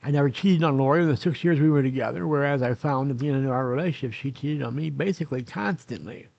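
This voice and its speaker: Filming himself with a camera in his nursing home room, an elderly man spins a long, meandering personal tale, full of "uh"s and self-corrections. He speaks fast in a medium-pitched, gravelly, darkish voice, and the recording is dry and dull.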